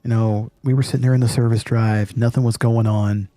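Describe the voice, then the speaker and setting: A man's voice: medium pitch, flat delivery, fairly quick, dark tone, no echo. A man hosting a gaming channel, telling a story casually, laughing often and swearing freely. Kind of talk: casual storytelling over gameplay.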